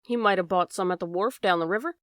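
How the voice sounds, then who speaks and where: A woman voicing a shrewd, calm gentleman detective in an audiobook reading, measured and crisp. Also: mid-range voice, no room sound, studio quality, lightly acted. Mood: coaxing.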